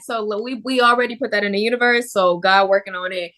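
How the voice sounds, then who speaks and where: A woman actress talking about her film role in a casual interview, telling stories in an expressive, animated way. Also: medium pitch, fast talker.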